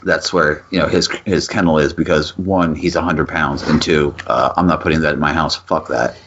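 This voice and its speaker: A man with a deep voice spins a lively story on a podcast, cursing freely as he goes. The audio is muffled and lo-fi. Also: normal speed, noisy background. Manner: animated storyteller, swears, acts out voices in quotes. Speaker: podcast co-host. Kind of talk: casual storytelling chat.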